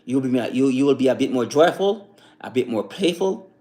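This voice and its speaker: A man talks on a live stream in a loose, rambling way, circling back to the same point with plenty of "you know" fillers. His voice sits at an ordinary middle pitch, and his pep talk sounds casual and unscripted. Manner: recites slow calm affirmations.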